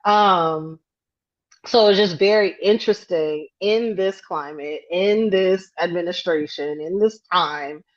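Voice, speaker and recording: Animated woman podcaster on dull audio. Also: lowish voice, slow pace. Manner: animated storyteller acting out quotes, hedges often. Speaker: podcast co-host. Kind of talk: casual chat.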